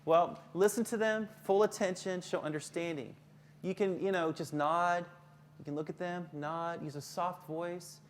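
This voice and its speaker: Man, counselor, live workshop talk, lively delivery, soft low voice in calm examples. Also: normal speed, slight background noise. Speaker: school counselor presenting to teachers.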